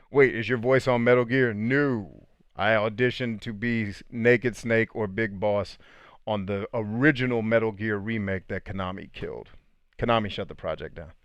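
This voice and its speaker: A man in his thirties hosting a casual live podcast, answering viewer questions with animated storytelling, frequent laughs and quiet asides. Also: lowish voice, a little slow, smooth, no echo, highs cut off.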